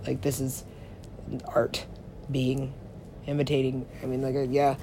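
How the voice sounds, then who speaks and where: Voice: medium pitch, monotone, unhurried, noisy background. A person rambling through a solo monologue, swearing often, laughing and talking to themselves. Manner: meandering, profane, laughs often, talks to self.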